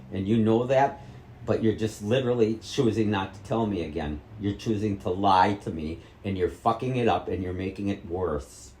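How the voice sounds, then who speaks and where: A man's voice: fairly low pitch, darkish tone, slight background noise. A middle-aged man from Wisconsin angrily interrogating his mother, repeating questions and swearing heavily. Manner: angry, repetitive interrogating, heavy swearing. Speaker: vlogger confronting his mother. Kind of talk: heated family argument. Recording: echoey room.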